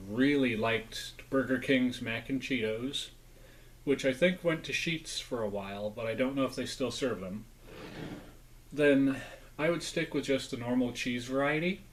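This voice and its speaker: A man's voice: mid-range voice, poor audio. Rambling casual man reviewing snacks. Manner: rambling, chatty, talks with mouth full. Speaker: food review vlogger. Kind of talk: casual food review vlog.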